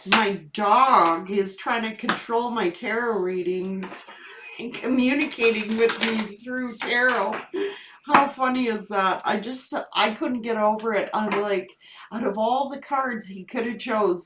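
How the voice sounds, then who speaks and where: A woman's voice: a little high, takes it slowly, noisy background. A woman doing a casual tarot reading video, telling a funny story with plenty of laughter. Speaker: tarot reader. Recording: echoey room.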